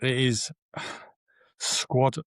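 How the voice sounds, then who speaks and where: A man's voice: very slow, fairly bright tone, no room sound. A man co-hosting a casual podcast, chatting in an easygoing way with many fillers. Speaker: podcast co-host. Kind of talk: casual chat.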